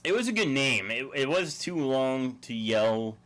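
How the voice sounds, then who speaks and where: Livestream host, male, easygoing, chuckly, mid-pitched, rambling chat. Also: very animated, unhurried, fairly bright tone.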